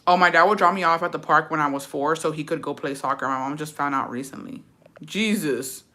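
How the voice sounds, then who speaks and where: This woman vlogger has a deep voice but a bright, ringing tone, and she speaks fairly quickly. Reading out viewer comments, she reacts to every one, cursing freely in blunt slang as she spins animated stories.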